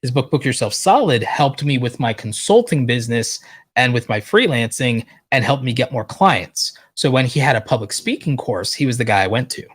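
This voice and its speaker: Male livestream host, mid-pitched, tiring voice, answers chat questions plainly. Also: lively intonation, normal speed, slightly rough. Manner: reads viewer questions aloud and answers directly. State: losing his voice. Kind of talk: casual livestream Q&A.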